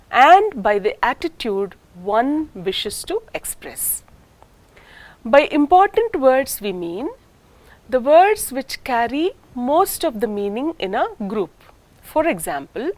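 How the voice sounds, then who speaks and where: A woman lecturer with an Indian English accent, explaining step by step in a slow, deliberate recorded lesson. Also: a little high, darkish tone, no echo.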